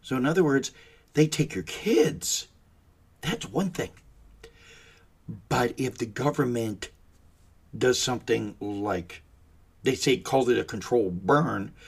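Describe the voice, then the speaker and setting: A man's voice: medium pitch, husky. A man giving ranting commentary in a sarcastic, mocking manner.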